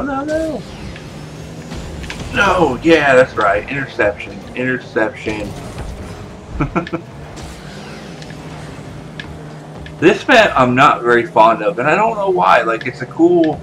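A man commentating his own gameplay casually, ranting and swearing at his teammates, his voice jumping up into yells. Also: on the low side, noisy background. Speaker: gameplay streamer.

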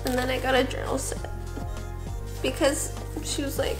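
A woman's voice: high-pitched, level tone, normal speed, over music. A young woman vlogger chatting casually about her Christmas gifts, gushing and full of fillers. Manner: gushing, chatty, repeats fillers like "like" and "I don't know". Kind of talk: casual vlog chat.

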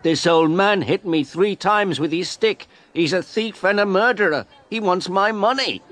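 A man voicing a tired, dismissive photographer who turns shrill. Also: animated, unhurried, lightly acted. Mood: panicky. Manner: dismissive, then panicky. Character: tired, hostile male photographer who shrieks for help.

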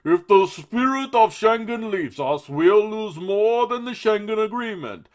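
A man voicing a silly, high-pitched, pompous male European politician in a mocking, overblown way. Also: lively intonation, a little slow. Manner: squeaky, overblown, mocking delivery.

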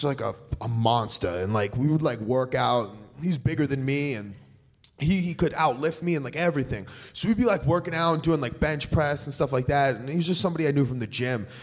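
A man from Staten Island with a New York accent, a pro wrestler telling stories in casual podcast chat, full of fillers and restarts. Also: mid-range voice. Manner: rambling, filler-heavy storytelling. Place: live show venue.

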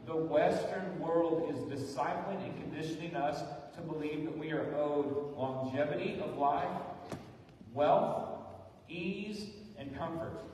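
A man's voice: on the high side, darkish tone. A man preaching a sermon as pastor, earnest and pleading, building to emphatic calls. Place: church sanctuary. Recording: echoey hall, distant mic, faint noise.

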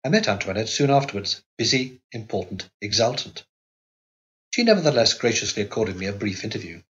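A man narrating an audiobook in a measured, even reading voice. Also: lowish voice, lo-fi sound. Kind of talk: scripted narration.

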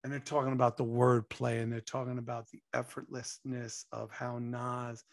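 A man, telling an animated story as an interview guest and acting out quotes. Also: mid-range voice, moderate pace, creaky. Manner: excitable, acts out quotes, laughs.

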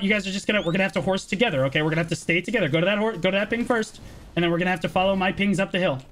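Over voice chat, a man with a high, somewhat bright voice acts as a guild shotcaller in a team game. He's urgent and commanding, repeating every order and swearing as he goes.

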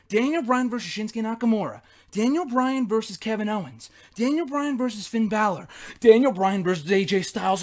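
A young man ranting in an excited instant reaction as a wrestling vlogger, frantic and profane, shouting in disbelief. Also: high-pitched.

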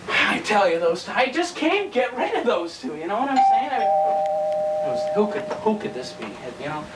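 An irritated, sarcastic homeowner, played by a teenage boy, grumbling and sometimes shouting. His pitch swings wildly up and down. The recording is a hissy lo-fi home video. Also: sing-song, moderate pace. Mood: exasperated. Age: teens. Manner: exasperated, sarcastic, shouting now and then. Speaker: annoyed homeowner.

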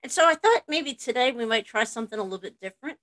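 A woman's voice: on the high side, expressive, fast, fairly bright tone. A woman hosting a casual conversation, earnest and restarting her words as she talks. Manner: earnest, repeats words when starting. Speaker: host. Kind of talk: casual chat.

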